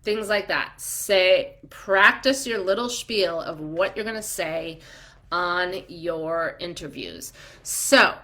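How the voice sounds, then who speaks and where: A woman's voice: on the low side, expressive, takes it slowly, sharp tone. A woman in her forties coaching doulas in a live-streamed chat, upbeat and encouraging, reading out viewer comments with frequent ums.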